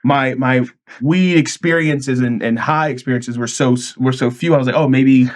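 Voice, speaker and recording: A man telling a story in casual podcast chat, animated and acting out quotes with big jumps in pitch. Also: moderate pace. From California.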